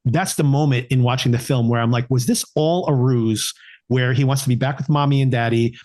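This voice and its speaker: A man's voice: mid-range voice, fairly even intonation, a little fast, a little mellow. A man co-hosting a film podcast in casual talk, restarting his sentences and quoting characters in mock dialogue. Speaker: podcast co-host.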